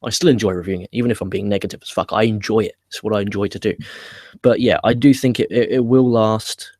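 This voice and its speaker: A low-pitched man hosts a casual live stream from home, rambling through viewer questions with frequent restarts and loose swearing. The sound is dry and close, with no room around it. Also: steady tone, fast talker, a little mellow, no echo. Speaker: wrestling review show host. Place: home setup with laptop.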